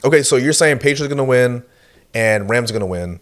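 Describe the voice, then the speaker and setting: A man's voice: medium pitch, fast talker. A young man co-hosting a podcast, chatting casually about football with frequent fillers and easy laughs. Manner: relaxed, laughs often, hedges with fillers. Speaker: podcast co-host. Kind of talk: casual sports chat.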